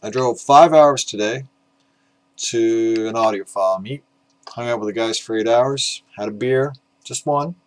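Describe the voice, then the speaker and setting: An exhausted middle-aged man, up all night, talks through his record pile in a loose, rambling way. His voice sits at an ordinary middle pitch, and he trails off into fillers and mutters jokes at his own expense. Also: measured pace. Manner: rambling, self-deprecating, with frequent "uh" fillers. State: exhausted, up at five in the morning. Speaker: record collecting video host. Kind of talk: casual rambling vinyl chat.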